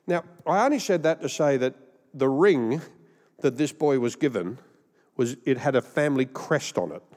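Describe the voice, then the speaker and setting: A man's voice: mid-range voice, darkish tone. A male pastor with an Australian accent, preaching a humorous storytelling sermon. He rambles through jokey stories and laughs at his own punchlines. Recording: long hall reverb.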